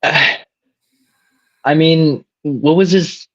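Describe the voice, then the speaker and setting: A man's voice: a little high, drawn-out words, fairly bright tone. A man co-hosting a casual sports chat, laid-back and often restarting his sentences. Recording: dull lo-fi sound.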